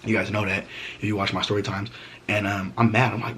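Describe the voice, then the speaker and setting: A man's voice: lowish voice, level tone, fairly quick, a bit bright, slight background noise. A young man vlogging a storytime, talking casually with heavy slang, swearing and fillers.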